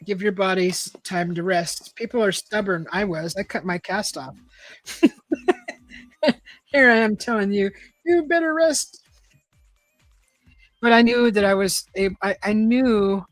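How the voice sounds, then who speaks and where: A woman's voice: medium pitch, fairly even intonation, measured pace, no echo, poor audio. Woman, middle-aged, casual chat, rambling, dry close recording, faint music behind. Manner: rambling and chatty, with frequent restarts and laughs. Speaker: host. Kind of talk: casual chat and reading aloud.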